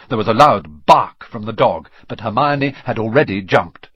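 A man narrating a storybook aloud in an expressive, varied way. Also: lowish voice, moderate pace, few pauses, husky, no room sound. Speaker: audiobook reader. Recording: slightly dull lo-fi recording.

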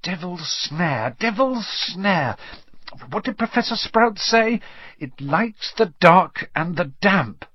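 A shrill, high, bossy schoolgirl witch, put on by a man reading a storybook aloud. Her voice jumps up and down sharply, with a faintly husky grain from the reader. The recording is dry and a bit dull. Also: animated, takes it slowly, no echo, full character voice. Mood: frantic. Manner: shrill and urgent.

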